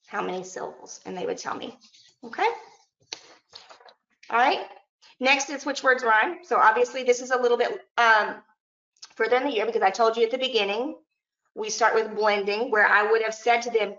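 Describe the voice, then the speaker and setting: A woman's voice: medium pitch, brisk, creaky, fairly bright tone. Woman, teacher presenter, upbeat, models classroom prompts, dull lo-fi sound. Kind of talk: teacher training webinar. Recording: echoey room, dull lo-fi audio.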